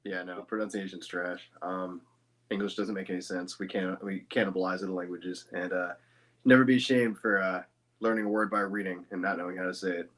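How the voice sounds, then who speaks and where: A man with a lowish voice chats casually as a guest, with a bright, sharp edge to his tone. He is dry and teasing, and he pokes fun at his host. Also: fairly even intonation, brisk. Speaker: guest voice actor. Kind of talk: casual chat.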